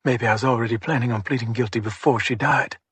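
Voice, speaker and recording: A man reads a young prison inmate who is hostile and guarded, and who speaks in short, terse bursts. The voice sits at a middling pitch with a close, dry sound. It is read as part of an audiobook story. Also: fairly even intonation, quick pace, a bit bright, husky, dry recording. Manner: curt, terse, clipped.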